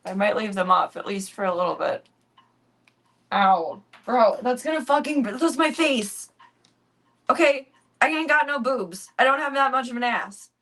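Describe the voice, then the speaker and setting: A woman's voice: fairly high pitch, animated, measured pace, a bit bright. Chatty young woman streamer, swears freely. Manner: chatty, swears freely, coos and baby-talks to her pets. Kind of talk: casual live-stream chat. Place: at home with her pets.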